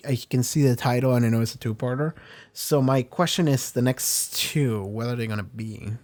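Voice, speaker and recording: A man's voice: medium pitch, a little mellow. Rambling, swearing man reviewing an episode. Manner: rambling, candid, swears casually, many restarts. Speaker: reaction video host. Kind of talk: casual spoken review.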